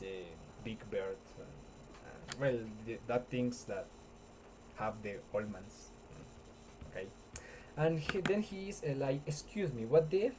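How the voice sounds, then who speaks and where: A man casually retelling a film scene, halting often with fillers and restarts. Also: fairly low pitch, noisy background. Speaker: storyteller.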